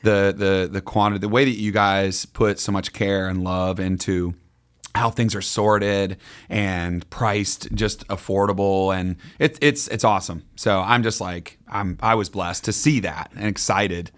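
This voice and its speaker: A man guest musician chatting in a casual radio interview, excitable and devout, with lots of restarts and fillers. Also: low voice, a little slow. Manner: devout, says praise phrases.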